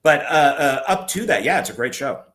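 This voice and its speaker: A man's voice: fairly high pitch, expressive, fairly quick, a bit bright. A man co-hosting a casual stream, giving short laid-back replies and jokes. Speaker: co-host. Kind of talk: casual chat.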